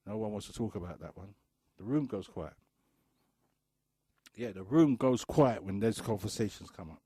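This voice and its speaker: A man's voice: lowish voice, animated, moderate pace, mellow, breathy edge, no echo. A man hosting a radio talk show, ranting bluntly with profanity and hammering home repeated rhetorical questions. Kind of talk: impassioned radio monologue.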